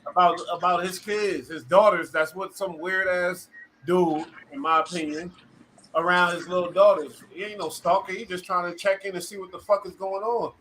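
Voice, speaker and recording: A man hosting a casual live-stream chat, talking in a laid-back, slang-heavy way and giving shout-outs to his chat. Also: high-pitched, fairly even intonation, normal speed, a little hiss or hum, low-quality recording. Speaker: livestream host.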